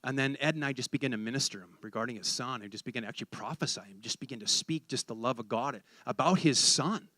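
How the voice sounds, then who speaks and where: A man's voice: mid-range voice, fast, few pauses, bright, forceful tone, dry recording, studio quality. A man preaching a sermon, telling a story and acting out the conversation, then rising to fervent exhortation.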